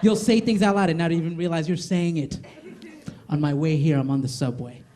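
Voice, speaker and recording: A young man performing a stand-up comedy set on a club stage, talking quickly and jumping in and out of put-on voices. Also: fairly high pitch, steady tone, mellow. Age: young adult. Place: comedy club stage before a laughing crowd. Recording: live club crowd laughter behind.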